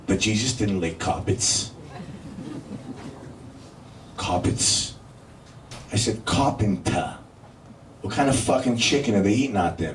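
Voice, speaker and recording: This comedy club host has a fairly low voice picked up by a distant mic, the room sounding spacious with faint background noise. He performs stand-up, ribbing the crowd and dragging out punchlines.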